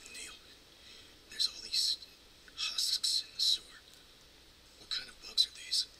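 An actor playing a tense male soldier in a game, giving hushed urgent warnings in whispered role-play. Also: slow.

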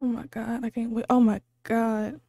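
A woman hosting a reaction video, gushing with excited, squealing exclamations and repeating herself, a little sleepy because it is late at night. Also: a little high, normal speed, creaky, no room sound, clean studio sound, soft background music. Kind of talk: excited casual reaction commentary.

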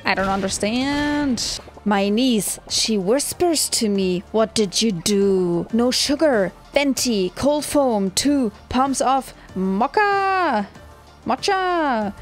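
A woman reading the lines of a dazed game character who rants slowly and loudly about coffee. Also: on the high side, expressive, faint music behind. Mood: frantic.

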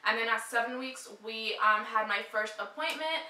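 A pregnant vlogger in her twenties, dealing with morning sickness, rambles casually to camera with plenty of fillers like "like." Her voice is on the high side and sharp in tone, at a moderate pace. The mic sits at a distance, leaving a roomy echo.

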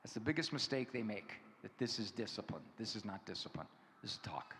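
Animated man speaking in an echoey hall. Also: on the high side, fast. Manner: animated storytelling, acting out dialogue. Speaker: conference speaker. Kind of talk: humorous talk to an audience. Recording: echoey hall with faint noise.

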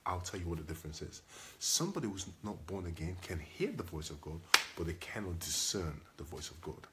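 A man's voice: sits low, lively intonation, fairly quick, background noise. A man preaching a sermon as a pastor, emphatic and repetitive, asking the congregation questions.

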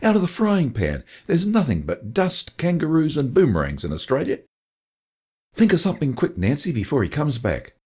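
A gossipy northern woman friend who speaks in an excitable, dramatic way, as voiced by a man. The voice is raised well above his own and slightly husky, with lively shifts in pitch. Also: moderate pace, full character voice. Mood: alarmed.

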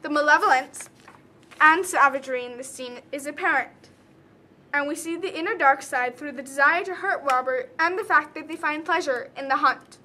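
A woman's voice: sits high, moderate pace, sharp tone. A young woman narrating a student drama presentation and explaining its themes earnestly.

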